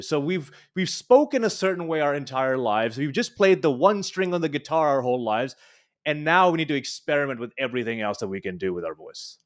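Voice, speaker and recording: A man's voice: medium pitch, very animated, a little fast. A man answering as a guest speech coach in an interview, talking in an emphatic, coaching tone.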